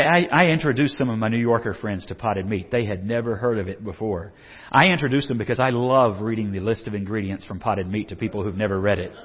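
The husky, medium-pitched voice belongs to a middle-aged pastor preaching a lighthearted sermon in a church sanctuary, where he jokes, tells stories, and frequently restarts. It's a dull lo-fi recording with long hall reverb.

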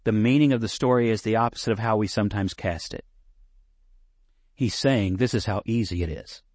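A man preaching a sermon, earnest and close to tears, slowing down to stress his points. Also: on the low side, a little mellow, no room sound. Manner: earnest, emotional, slows down for emphasis. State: near tears. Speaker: pastor.

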